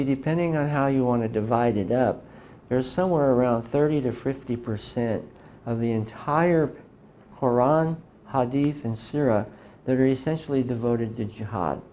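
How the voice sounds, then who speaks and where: A man's voice: medium pitch, mellow, slight background noise. A middle-aged man giving an emphatic lecture to a live audience, often asking rhetorical questions. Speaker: speaker lecturing on religion.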